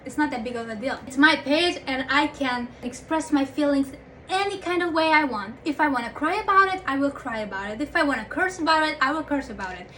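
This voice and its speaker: High-voiced woman ranting, swearing freely. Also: brisk, sharp tone, slight background noise. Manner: frustrated, heavy swearing. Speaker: vlogger. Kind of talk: casual vlog rant.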